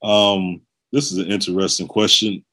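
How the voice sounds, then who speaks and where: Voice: low-pitched, level tone, moderate pace, a bit bright, poor audio. A co-host in casual chat, reading listener questions aloud and giving brief reactions.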